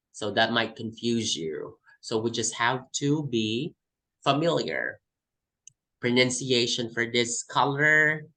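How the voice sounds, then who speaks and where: A man's voice: medium pitch, bright, forceful tone, poor audio. A man from the Philippines, teaching an English test class and explaining by repeating example words. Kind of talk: online class lesson.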